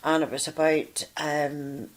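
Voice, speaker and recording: A woman's voice: sits low, level tone, slow, low-quality recording. A woman, co-hosting a casual chat and telling a story with lots of fillers. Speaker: co-host.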